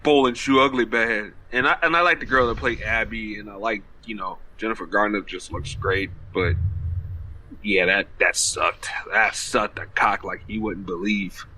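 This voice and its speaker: A man with a bright, forceful voice joining a podcast as a guest. His banter is crude and loud, and he laughs often between lines. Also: fairly low pitch, steady tone, normal speed, slight background noise, rough recording. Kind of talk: casual podcast chat.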